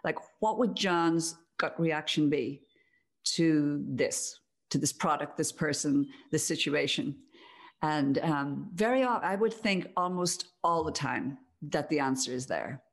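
A woman's voice: low-pitched, animated, a little slow. A middle-aged woman with an Irish accent, guest in a casual conversation, speaking reflectively and laughing easily. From Ireland, Donegal.

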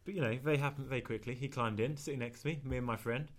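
A man's voice: medium pitch, racing. A young man telling a story in casual chat as podcast co-host, dry and self-mocking.

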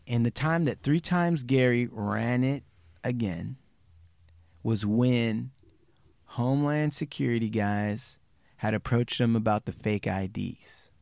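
A man's voice: slow pace, vocal fry, darkish tone, no room sound. Male podcast host, storyteller, voices the people he quotes, dry close sound. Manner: acts out quotes with big pitch jumps, swears casually. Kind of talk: animated true crime storytelling.

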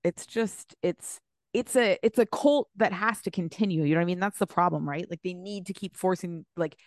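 Low-voiced laid-back woman podcaster. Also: normal speed, no room sound, clean studio sound. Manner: laid-back, agreeing, trails off. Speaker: podcast co-host. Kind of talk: casual chat.

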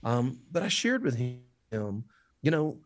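A man who teaches history, telling faith stories in an interview with lively, animated delivery. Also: slow pace. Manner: animated storyteller, rising pitch when quoting others. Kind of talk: storytelling in a faith podcast interview.

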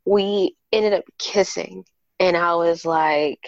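Candid and animated, a woman guesting on a podcast tells a personal story casually, performing what people said. She speaks slowly at a fairly low pitch; the audio is dull with no room sound.

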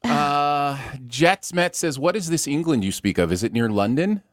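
Lively, halting man reading chat aloud. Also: on the high side, dry recording, clean studio sound. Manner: halting, full of uh and um, laughs easily. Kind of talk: casual livestream chat.

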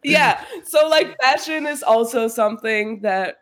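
A young woman in casual conversation, relaxed, often saying "like" and laughing easily. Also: on the high side, measured pace. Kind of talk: casual chat.

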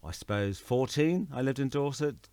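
A man's voice: mid-range voice, expressive, moderate pace, a little mellow, smooth, dry recording. A middle-aged man from England, a guest in casual conversation, rambling and correcting himself as he tells stories. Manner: rambling, self-correcting storyteller.

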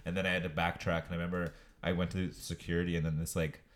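Deep-voiced male podcast co-host, laid-back storyteller, casual swearing. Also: level tone, fast. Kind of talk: casual chat.

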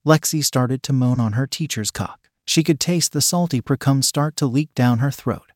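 A man narrating an adult audio story in a steady, even storytelling manner. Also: mid-range voice, normal speed, dry recording, clean studio sound.

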